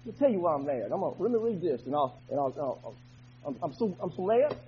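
A male pastor preaching a fervent sermon in a church, moving from quiet talk to shouting. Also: fairly high pitch, big pitch swings, quick pace, slightly rough. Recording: dull lo-fi recording.

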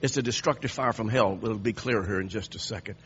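A man's voice: lowish voice, fairly quick, a bit bright, lo-fi sound, slight background noise. A man preaching a sermon, emphatic and repetitive, restarting phrases as he drives each point home.

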